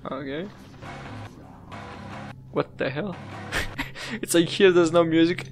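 A man's voice: fairly high pitch, slow, over music. A young man, a gaming YouTuber giving rambling, swearing let's-play commentary while he plays. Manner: rambling, swearing, laughing at the game.

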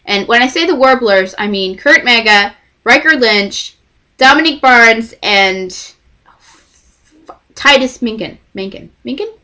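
A woman's voice: on the high side, takes it slowly, long pauses. A young woman from Texas telling a story to camera in a casual vlog, acting out what others said. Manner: animated, acts out the voices of others in her story. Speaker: vlogger.

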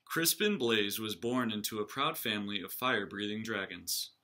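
A man, a teacher, reading a picture book aloud in an animated storytelling voice, close to the camera. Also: lowish voice, moderate pace, few pauses. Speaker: reader, teacher.

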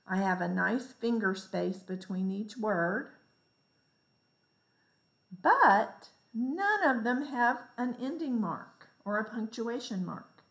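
A woman teacher giving a lesson to young children, reading example sentences slowly with exaggerated expression. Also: a little high, lively intonation, a bit bright, reverberant, low-quality recording. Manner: slow, clear, exaggerated reading for young kids.

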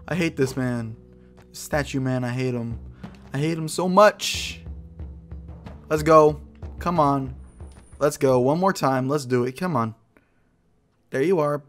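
A young man giving casual let's play commentary, frustrated and swearing as he fights a hard boss, with loud outbursts. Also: medium pitch, slow, long pauses, faint music behind.

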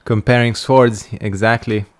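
A man's voice: on the low side, fairly even intonation, measured pace. A male streamer giving casual gameplay commentary, making wry jokes and yawning as he plays. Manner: wry, joking asides while playing. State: sleepy, yawning.

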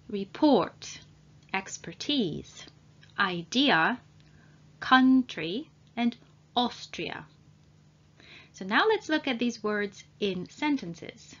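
Woman teaching slow careful pronunciation. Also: a little high, fairly bright tone, lo-fi sound. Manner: slow, deliberate, spells out sounds. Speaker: language trainer. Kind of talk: English pronunciation lesson.

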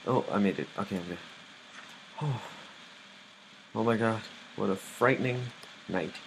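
A young man talks himself through a game, jumpy and easily startled. His voice sits low and his pace is slow and drawn out. A steady hiss of noise runs under the home recording. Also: vocal fry, low-quality recording. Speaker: gamer playing live. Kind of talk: live gameplay commentary.

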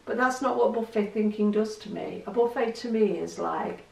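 Chatty woman with a gravelly edge. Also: fairly high pitch, normal speed, reverberant, recorded from a distance, a crowd in the background, rough recording. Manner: chatty, candid, self-deprecating. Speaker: vlogger. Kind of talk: casual chat to camera.

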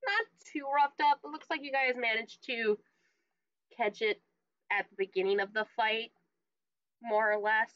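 A woman narrating a tabletop horror game as game master, with relaxed fillers. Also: a little high, unhurried, pauses often, no room sound. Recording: dull, dry lo-fi mic.

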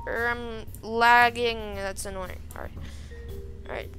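Unhurried woman narrating gameplay, music behind. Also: a little high, little pitch movement, bright, forceful tone. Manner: chatty, talks to herself while building, gets exasperated. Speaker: gaming channel host. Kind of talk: let's-play gameplay commentary. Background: game music.

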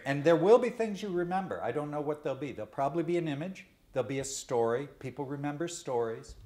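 A man giving a lecture to students, telling stories and jokes at a deliberate pace. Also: mid-range voice. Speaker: guest speaker. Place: lecture hall. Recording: echoey lecture room.

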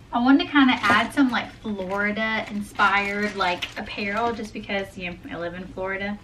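A woman's voice: mid-range voice, a little fast, few pauses, background noise. A young woman chatting casually in a vlog about her small craft business, upbeat and full of fillers. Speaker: small business owner vlogging. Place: home craft studio and a fabric store.

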